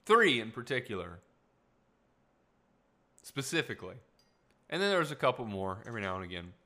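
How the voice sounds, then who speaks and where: A man's voice: mid-range voice, sing-song, a little fast, bright, forceful tone. A man in his twenties telling a casual, rambling travel story, often correcting himself mid-sentence. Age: 20s. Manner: rambling, self-correcting, upbeat.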